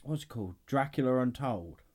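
A man's voice: mid-range voice, animated, a little fast, a little mellow. A man co-hosting a podcast in casual, sweary chat, laughing often. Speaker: podcast co-host.

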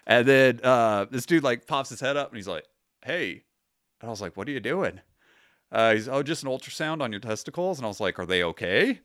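A man's voice: medium pitch, lively intonation, fairly quick, a bit bright, dry recording, clean studio sound. A man in his thirties, a retired Army sergeant, recounting his experiences as a podcast guest in a casual, wry and profane way, acting out his own past remarks. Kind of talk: casual storytelling interview.

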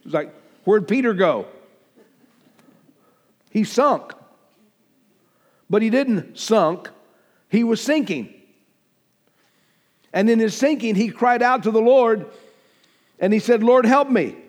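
A man preaching a sermon, his voice pitched a little high. He swells and drops in volume and acts out the lines he quotes. The long reverb of a church hall trails behind every phrase. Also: lively intonation, slow, long pauses. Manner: emphatic preaching, rising and falling in volume, acting out quoted speech. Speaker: pastor.

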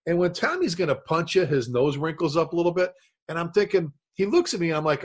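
A man's voice: on the high side, lively intonation, fast talker, husky. A middle-aged man, a firefighter and instructor, telling a story in casual chat, acting out voices and saw noises.

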